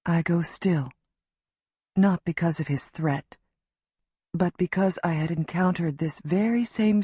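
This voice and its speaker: A woman narrating a tense first-person audiobook in a measured, storytelling manner. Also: fairly low pitch, mellow, husky, dry recording, clean studio sound.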